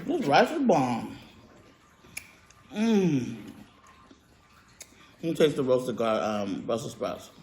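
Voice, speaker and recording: A woman's voice: very deep voice, sing-song, takes it slowly, long pauses, darkish tone, a little hiss or hum. A woman hosting a casual eating vlog at home. She gushes over the food with lots of fillers and mm sounds. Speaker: mukbang vlogger. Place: at home, indoors. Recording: echoey room.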